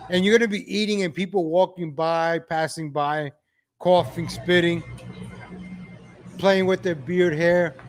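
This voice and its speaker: A man ranting in exasperation as he comments on videos for his viewers, calling them ladies and gentlemen. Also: sits high, fairly even intonation, measured pace.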